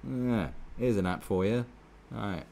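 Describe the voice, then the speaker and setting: A man's voice: lowish voice, unhurried, vocal fry, dark tone, a little hiss or hum. A man giving heated, sarcastic commentary on a newspaper column, swearing often as he rants. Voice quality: profane, sarcastic, heated ranting. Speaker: online commentator.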